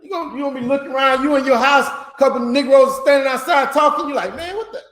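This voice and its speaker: A man's voice: extremely high pitch, fast talker, a bit bright. A man from Florida leading an informal religious teaching class in loose, rambling, emphatic street talk. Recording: echoey room.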